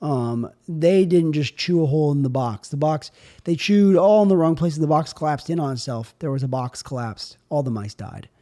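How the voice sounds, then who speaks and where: Rambling man hosting a solo podcast. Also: normal speed. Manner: absurd deadpan riffing, drifting in pitch and loudness. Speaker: podcast host.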